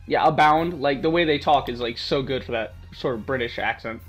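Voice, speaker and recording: A man's voice: mid-range voice, fairly quick, few pauses, breathy edge, soft background music. A man hosting a gaming channel, giving playful, joking let's play commentary to his viewers.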